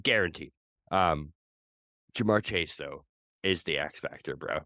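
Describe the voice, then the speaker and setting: A man's voice: rumbling low, a little slow, pushed and bright, no room sound, studio quality. A man co-hosting a sports podcast in casual chat, rambling and swearing freely, often restarting his sentences. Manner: rambling and profane, with many restarts. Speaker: podcast co-host.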